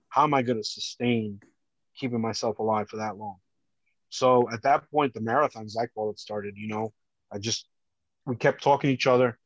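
A man's voice: mid-range voice, no room sound. Earnest man recounting his ordeal. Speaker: podcast guest, former police officer. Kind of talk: personal storytelling. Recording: dull lo-fi dry sound.

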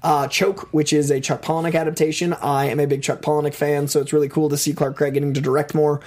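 A man co-hosting a casual chat, slightly hoarse from a lost voice, talking eagerly with lots of fillers. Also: on the high side, little pitch movement, quick pace, darkish tone. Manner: enthusiastic fan talk, many fillers. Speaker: co-host.

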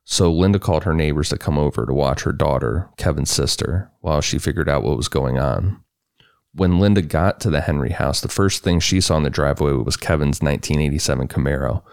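A man's voice: a bass voice, fairly quick, vocal fry, a little mellow, no room sound, studio quality. A man co-hosting a true-crime podcast, retelling the case in a plain, matter-of-fact way. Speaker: podcast co-host narrating a case. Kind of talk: casual true-crime storytelling.

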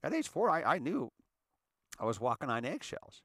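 A man in his fifties telling his own life story to an audience, earnest and halting, often repeating words as he restarts. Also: mid-range voice, huge pitch swings, sharp tone, no room sound, clean studio sound. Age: 50s. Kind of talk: personal monologue addressing an audience.

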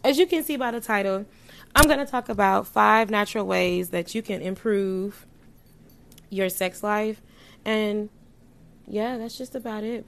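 A woman talking straight to her viewers as a vlogger, blunt and playful with plenty of slang and swearing. Her voice sits at an ordinary middle pitch. She swings from soft asides to loud, emphatic bursts. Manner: animated, sudden jumps in loudness. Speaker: vlogger giving sex advice. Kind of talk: casual chat to camera.

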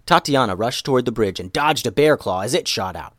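Animated man telling a kids' story. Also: medium pitch, a little fast, dry recording, studio quality. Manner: animated, expressive reading. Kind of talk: children's story narration.

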